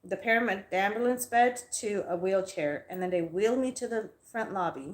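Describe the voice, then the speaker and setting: A woman's voice: medium pitch, moderate pace. A woman hosting a live stream and telling an angry story in a heated, profane rant. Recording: echoey room.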